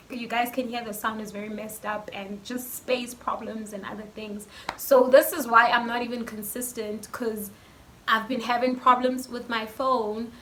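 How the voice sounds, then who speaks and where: South african girl doing a storytime vlog, kinda high voice, faint hiss from her phone mic. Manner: animated, chatty, lots of fillers. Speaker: YouTuber. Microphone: phone camera.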